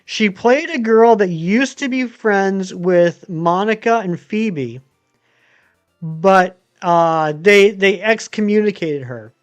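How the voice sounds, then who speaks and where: Male streamer in his thirties, high voice, rambling chat with viewers, faint music underneath. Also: slow pace, clear, resonant tone. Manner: rambling, chatty, many ums and uhs. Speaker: game streamer. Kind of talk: casual live-stream chat answering viewers.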